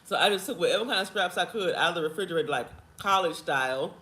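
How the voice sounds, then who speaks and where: A woman in her thirties chatting casually to her viewers in an animated way, laughing often and calling them girl and honey. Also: lowish voice, fast talker. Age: 30s. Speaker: vlogger. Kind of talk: casual chat to camera. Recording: echoey room with faint ambience.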